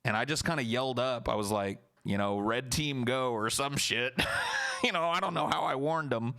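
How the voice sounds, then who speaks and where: A man's voice: mid-range voice, moderate pace, vocal fry, pushed and bright. A young man streaming, telling a story casually and talking back to his chat in a profane, blunt, laid-back way.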